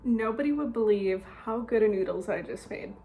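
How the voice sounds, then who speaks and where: A woman's voice: fairly high pitch, lively intonation, moderate pace, mellow. Chatty young woman vlogger, faint noise. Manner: chatty, joking, self-mocking. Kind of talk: casual vlog chat.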